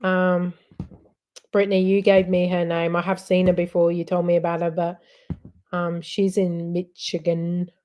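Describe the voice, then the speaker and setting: A woman's voice: on the low side, completely flat delivery, unhurried, dark tone. A woman hosting a casual live chat, rambling and giggling as she talks. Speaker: livestream host.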